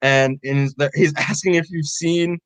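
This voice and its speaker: On a podcast, a young male co-host casually recaps a comic, retelling the story in a loose, rambling way full of filler words and frequent swearing. His voice is a little high for a man, steady, unhurried and smooth. The sound is close and dry, with no room echo.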